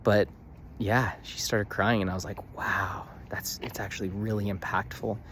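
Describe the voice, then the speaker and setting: A man's voice: lowish voice, fairly even intonation, moderate pace, a bit bright, slight background noise. A young man vlogging, telling a story casually with emphatic bursts and lots of fillers and restarts.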